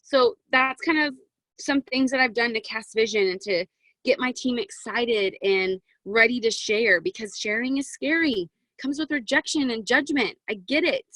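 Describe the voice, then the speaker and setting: A woman in her twenties giving a chatty, excitable motivational talk to a sales team over a video call from her closet, with plenty of "um" and "right?". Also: on the high side, moderate pace, no echo, rough recording. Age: 20s. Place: home walk-in closet.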